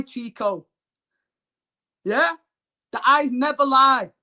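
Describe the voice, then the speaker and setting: A man's voice: very high voice, a little slow, fairly bright tone. Brash man ranting about football. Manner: brash, mocking, emphatic. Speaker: football stream host. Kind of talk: live-streamed football rant reading out chat.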